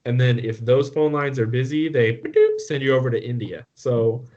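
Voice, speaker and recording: A man's voice: mid-range voice, moderate pace, a little mellow. A man co-hosting a podcast, telling a story in a casual, profane and exasperated way. His voice jumps up when he gets worked up. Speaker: podcast co-host. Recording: muffled lo-fi podcast audio.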